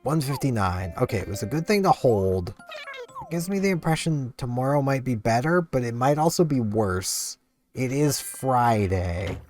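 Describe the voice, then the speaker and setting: A man's voice: medium pitch, lively intonation, normal speed, darkish tone, soft background music. A sleepy man rambling chattily through casual gameplay commentary. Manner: rambling, chatty, easily amused. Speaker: gaming channel host.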